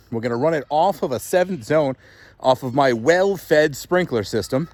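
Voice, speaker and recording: A man's voice: a little high, animated, normal speed, darkish tone, no room sound. A man hosting a casual homestead how-to vlog outdoors in his garden, chatty, explaining as he works and a bit out of breath. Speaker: homestead vlogger.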